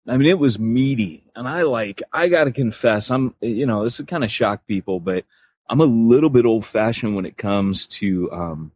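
European male podcast co-host, husky, loose rambling delivery, dull dry recording. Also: mid-range voice, normal speed, a little mellow, no echo. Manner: rambling, loose, full of fillers. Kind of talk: casual chat.

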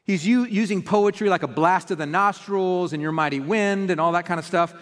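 A man preaching a sermon as pastor, telling stories with animated energy and often restarting his words. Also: high voice, fairly quick, in a large hall.

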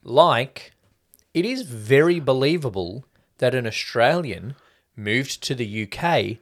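A man's voice: medium pitch, lively intonation, slow pace. A man co-hosting a casual movie review podcast, arguing his points emphatically and swearing now and then. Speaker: podcast co-host. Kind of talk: casual film review chat.

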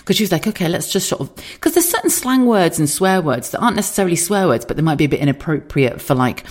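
A middle-aged woman from the south of England, hosting a podcast and telling stories in an animated, giggly, chatty way. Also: lowish voice, quick pace. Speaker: podcast host. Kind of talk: casual storytelling monologue.

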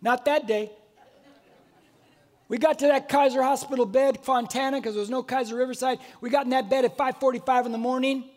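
A man in his sixties preaching a sermon as pastor, telling stories in an animated way and acting out the voices of the people in them. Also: very high-pitched, a little fast. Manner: animated storytelling, acts out voices. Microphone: wearing a mic.

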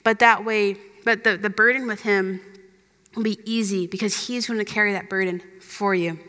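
A woman's voice: medium pitch, steady tone, moderate pace, sharp tone. A young woman giving a chatty, earnest sermon as a youth minister, full of "like" and "you know". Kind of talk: conversational sermon. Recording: long hall reverb.

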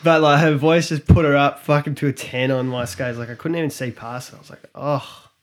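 A man's voice: mid-range voice, steady tone, fast. A young Australian man with an Australian accent, chatting on a podcast. He rambles through stories with plenty of swearing, in a mid-range voice. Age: young adult. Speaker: podcast co-host. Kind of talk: casual chat.

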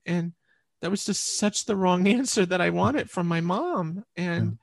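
A woman's voice: fairly low pitch, measured pace, vocal fry, no room sound, studio quality. A woman interview guest earnestly telling a personal story, often repeating words as she recalls.

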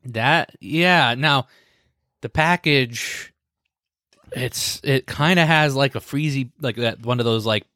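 A man's voice: mid-range voice, slow pace, pushed and bright, no room sound. Man co-host teasing his buddy. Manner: teasing, dry quips. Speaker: podcast co-host. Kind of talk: casual podcast banter.

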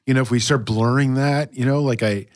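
A man's voice: mid-range voice, steady tone, fairly quick, no echo, clean studio sound. A man co-hosting a church podcast, chatting casually about faith with lots of fillers and restarts. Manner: rambling, many fillers and restarts. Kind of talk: casual chat.

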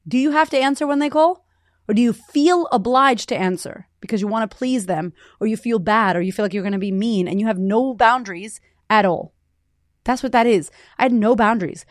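A woman in her thirties, a podcast host and coach, giving a candid, high-energy motivational talk full of swearing. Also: a little fast, no echo, studio quality.

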